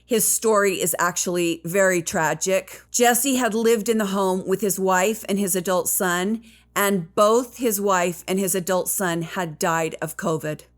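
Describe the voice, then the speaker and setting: A woman's voice: medium pitch, a little slow. A woman hosting a true crime show, retelling a case in a casual, conversational way. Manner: conversational, plain-spoken retelling. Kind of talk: casual storytelling narration.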